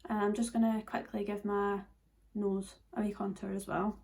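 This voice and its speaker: A woman's voice: mid-range voice, little pitch movement, normal speed, creaky, a little mellow. A nineteen-year-old Scottish woman chatting casually through a makeup tutorial, full of fillers and dropping into whispers at times. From Scotland. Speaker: beauty vlogger.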